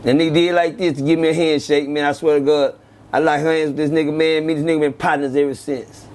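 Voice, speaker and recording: A man telling old street stories as an interview guest, animated and acting out quoted voices. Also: fast. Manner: animated, acts out quoted voices with sudden pitch jumps. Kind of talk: casual storytelling.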